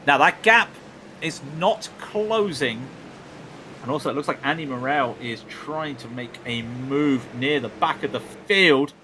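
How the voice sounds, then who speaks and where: A man commentating a sim racing event live, excitable and prone to ranting. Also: medium pitch, unhurried, a little hiss or hum.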